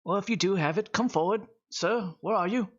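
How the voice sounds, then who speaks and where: Needs: a man playing a gushing, toothless old village chief; pitched up, husky, lo-fi. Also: a little fast. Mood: boastful, skeptical. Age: older. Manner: exclaiming, hearty and effusive.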